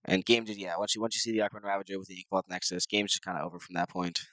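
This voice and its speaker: A low-voiced man with a nasal, slightly sick sound, commentating his own card game matches. He rambles casually and unsurely, leaning on fillers. The recording is close and completely dry, with no room in it. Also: fairly even intonation, racing, pushed and bright, no echo, low-quality recording. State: a little sick.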